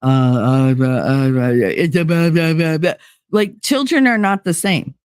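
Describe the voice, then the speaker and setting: A middle-aged woman, telling stories on a podcast in an animated, blunt way, swearing freely and acting out dialogue. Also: low voice, a little slow, smooth, no room sound, clean studio sound. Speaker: podcast co-host, former teacher. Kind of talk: storytelling chat.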